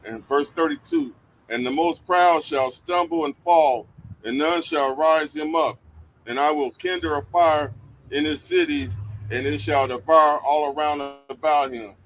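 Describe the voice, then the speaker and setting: A man's voice: fairly high pitch, measured pace, a bit bright, a little hiss or hum, low-quality recording. Man reading scripture aloud steadily. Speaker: scripture reader in discussion.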